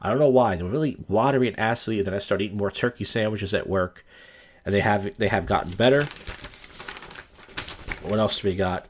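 A man's voice: fairly low pitch, a little fast, long pauses. A man hosting a podcast, telling crude, rambling, self-deprecating stories in a casual monologue. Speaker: podcast host.

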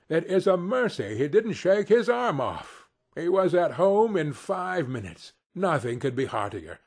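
A man narrating an audiobook in an expressive, unhurried storytelling manner. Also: a little high, husky.

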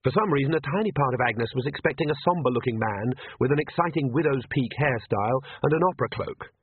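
A man's voice: medium pitch, breathy edge, no room sound. A man narrating an audiobook with wry, dry storytelling, on a tinny phone-like recording.

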